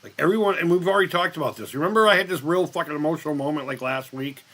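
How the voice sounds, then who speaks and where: A man's voice: fairly high pitch, racing, a bit bright. A man in his fifties hosting a casual live-stream chat, rambling, blunt and profane as he reads the chat. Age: 50s.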